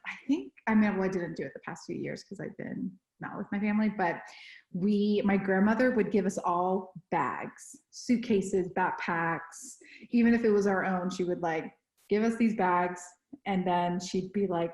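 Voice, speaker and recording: A woman's voice: mid-range voice, steady tone, normal speed, darkish tone, roomy sound, low-quality recording. A young woman from Texas co-hosting a podcast from home, chatting casually with lots of fillers and restarts. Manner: rambling, lots of fillers and self-corrections. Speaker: podcast co-host. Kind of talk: casual chat.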